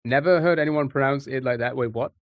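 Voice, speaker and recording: A man's voice: mid-range voice, a little fast, dry recording. A young man with an English accent chats with his stream viewers, wandering off on tangents and answering them as he goes. His voice sits in a middle range. It is recorded close and dry, with no room sound behind it. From England. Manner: chatty, rambling, reacting to chat. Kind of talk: casual live-stream chat.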